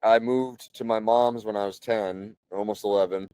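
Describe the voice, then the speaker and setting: Low-voiced man telling stories casually. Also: normal speed, no room sound. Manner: relaxed, chatty, frequent "like" and "you know"; clears throat often. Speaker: podcast guest. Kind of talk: casual conversational storytelling.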